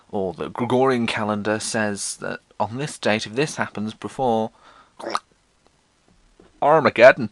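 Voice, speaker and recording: Young guy, low but bright voice, podcast monologue full of swearing and squeaky impressions. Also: moderate pace, long pauses, dry recording. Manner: swearing, self-mocking, acts out quoted voices in squeaky tones. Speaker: podcast host. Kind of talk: casual comic storytelling monologue.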